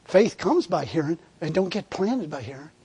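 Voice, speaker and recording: A man's voice: a little high, sing-song, moderate pace, dark tone, breathy edge. A man preaching a sermon in a fervent, conversational way, repeating words and laughing as he tells a story.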